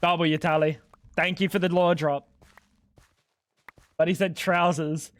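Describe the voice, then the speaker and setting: A man's voice: fairly high pitch, flat delivery, a little slow, dry recording. An Australian man streaming a game, bantering casually with friends, swearing a lot and joking with mock indignation.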